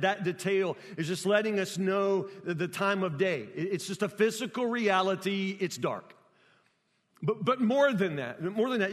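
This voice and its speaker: A man preaching a sermon, emphatic and repetitive, rising at times to near-shouts. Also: high-pitched, in a large hall.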